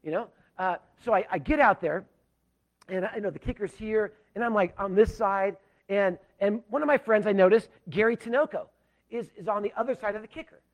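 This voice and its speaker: A pastor from Southern California telling a self-deprecating story in a sermon, animated and full of restarts. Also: male voice, high-pitched, fairly quick. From Southern California, USA.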